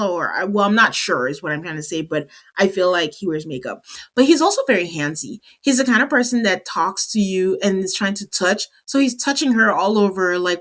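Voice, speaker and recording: A woman talks through a reality TV episode in a relaxed, chatty way. She tells the story with lively asides and slips into quick quoted lines from the people on the show. Her voice sits in a middle pitch for a woman. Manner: animated storytelling, acting out the cast's lines. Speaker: reality TV recap host. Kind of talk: casual recap commentary.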